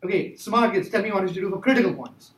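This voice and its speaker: High-voiced man teaching math in an echoey classroom. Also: fast. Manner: emphatic, repeats himself, quizzes students. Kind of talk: classroom lecture. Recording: echoey classroom with faint noise.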